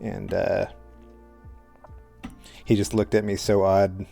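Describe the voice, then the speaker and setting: Low, gravelly-voiced man streaming casually. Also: level tone, slow pace, warm tone, faint music behind. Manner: rambling, hesitant, with fillers and self-conscious laughs. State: dry throat. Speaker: streamer painting on a live stream. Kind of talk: casual storytelling while painting.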